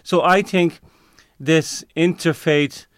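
A man's voice: on the high side, steady tone, takes it slowly, smooth, dry recording, clean studio sound. A man answering interview questions in a conversational way, often searching for words with fillers and restarts. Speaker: interview guest.

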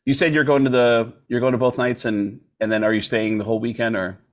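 A man's voice: medium pitch, fast. A man, a comedian guest, telling a story in casual chat and acting out quotes in other voices. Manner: animated, acts out quotes in shifting voices.

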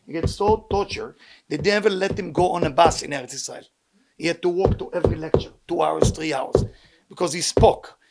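A man's voice: on the high side, fairly quick, creaky, darkish tone. A man preaching a weekly sermon to a live audience, emphatic and repetitive, with humorous asides. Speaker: preacher giving a weekly talk.

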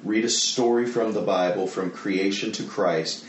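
Lower-voiced man interviewing off-mic. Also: steady tone, echoey room, recorded from a distance, slight background noise, poor audio. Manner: eager, affirming, quick to chime in. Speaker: host, interviewer. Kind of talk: conversational interview.

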